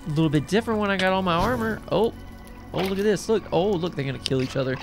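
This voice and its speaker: A man giving gameplay commentary in a gravelly voice, trash-talking the monsters with excitable taunts. Game music plays clearly behind him. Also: high voice, quick pace. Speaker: gaming YouTuber.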